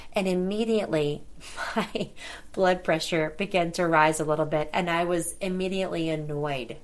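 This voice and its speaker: A middle-aged woman with a slightly lower pitch tells a personal story as a podcast host. She sounds conversational and relaxed, and she animates the remembered dialogue as she goes. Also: normal speed. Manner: conversational, lively retelling of dialogue.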